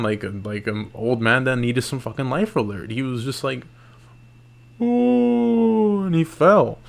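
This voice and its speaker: A man's voice: fairly low pitch, fairly bright tone, clean tone. Tired, slangy man recapping fights late at night. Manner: loose and slangy, frequent "man" and "bro", restarts. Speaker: MMA YouTuber. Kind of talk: casual fight recap commentary.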